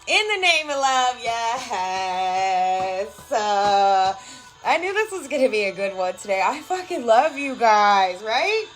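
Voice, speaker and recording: On a live stream, a woman with a fairly bright, sing-song, high-ish voice speaks slowly, giving casual motivational talk while reading viewers' comments. She's emphatic and affectionate, calling viewers girl and love, swearing freely and repeating phrases for effect. Faint music plays behind her, and the recording is rough.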